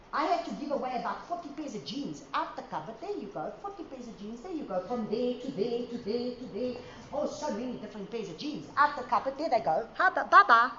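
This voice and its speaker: A woman preaching at a conference, lively and storytelling, with acted asides. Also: fairly high pitch, slight background noise. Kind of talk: conference sermon. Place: conference hall. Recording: roomy hall sound, dull audio.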